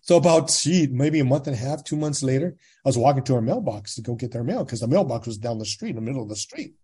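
Older California man telling his story in husky tones. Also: medium pitch, fast talker. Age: 60s. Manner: animated storyteller, acts out quoted dialogue; plain-spoken, casual. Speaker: guest. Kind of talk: casual storytelling.

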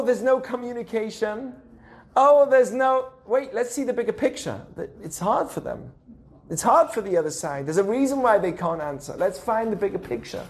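A young adult man hosting a casual teaching podcast, animated and acting out the voices he quotes. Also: sits high. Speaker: podcast host.

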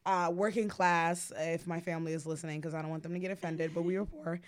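A woman's voice: lowish voice, steady tone, fast. Candid young woman with a New York accent. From the Bronx, New York. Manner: candid, profane, storytelling with many "like"s. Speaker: podcast guest. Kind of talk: casual chat.

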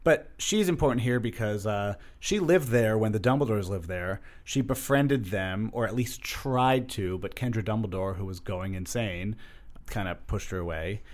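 A man's voice: lowish voice, moderate pace, a little mellow. A young man co-hosting a podcast, talking casually and animatedly with lots of fillers. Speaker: podcast co-host. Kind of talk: casual chat.

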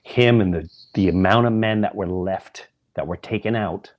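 A man hosting a podcast, telling a personal story in an animated monologue, acting out voices and often dropping into a whisper. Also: low-pitched, normal speed, highs cut off. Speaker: podcast host.

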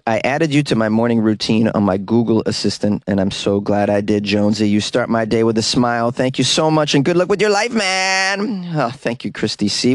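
A man's voice: lowish voice, no room sound. A man hosting a comedic news podcast, reading stories and breaking off into sarcastic, jokey asides. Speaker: podcast host.

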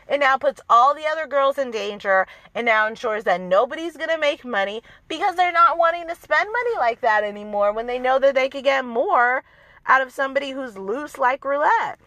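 A woman's voice: high-pitched, lively intonation, brisk, sharp tone, dry recording. Blunt, profane woman recapping TV. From outside the American South. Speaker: TV recap host. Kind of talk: casual chat.

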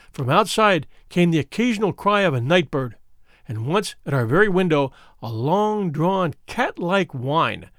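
Man reading a suspenseful tale, lively pitch. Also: no room sound, clean studio sound. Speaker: storyteller. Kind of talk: scripted narration.

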